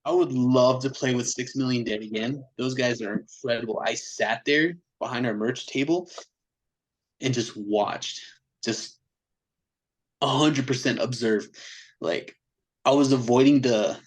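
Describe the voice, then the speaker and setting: A metal band vocalist chats casually as a podcast guest, telling an animated, slang-heavy story and acting out people's quotes in other voices. His medium-pitched voice is a little slow, with long pauses. The audio quality is poor.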